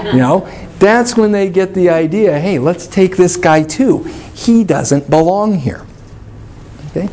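High-voiced male lecturer. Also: a little mellow. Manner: conversational, checks in with "okay?" often. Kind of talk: classroom lecture.

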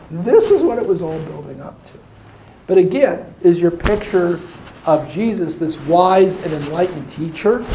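A man teaching and talking through questions of faith in a thoughtful, digressive way, slowing down to stress his points. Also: high-pitched, warm tone, dull audio. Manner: thoughtful, digressive, with slowed emphasis. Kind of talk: explaining faith in a discussion. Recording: echoey room with faint noise.

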